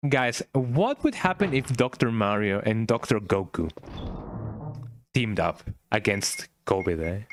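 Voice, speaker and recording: A man's voice: fairly low pitch, expressive, measured pace, slight background noise. A young man, casually commenting as he plays a game and rambling on with "eh?" tags. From Mexico. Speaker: gaming streamer.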